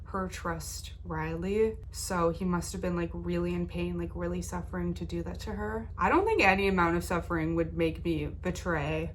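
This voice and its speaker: A woman's voice: fairly low pitch, moderate pace, few pauses, a little hiss or hum. A woman vlogger who is sick, chatting through a casual book recap with lots of fillers and emotional investment. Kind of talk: casual reading vlog recap.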